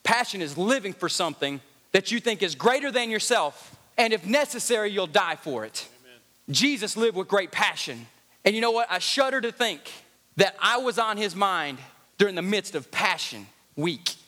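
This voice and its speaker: A man's voice: high-pitched, lively intonation, normal speed, bright, forceful tone. A male pastor, preaching a sermon with rising fervor and sung, chanting cadences, recorded in a large reverberant hall.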